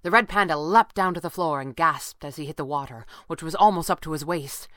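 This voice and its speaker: Brief: woman narrator, low pitch, steady measured storytelling, dry close sound. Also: no echo. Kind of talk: audiobook narration.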